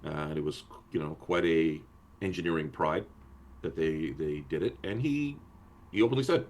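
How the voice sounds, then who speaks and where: A man with a very low voice chats on a podcast. He talks in a lively, joking way. He often cuts across the other speakers. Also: moderate pace, a little hiss or hum. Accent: anglophone Montreal French. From born in London, raised in Canada. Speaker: podcast co-host. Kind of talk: casual chat.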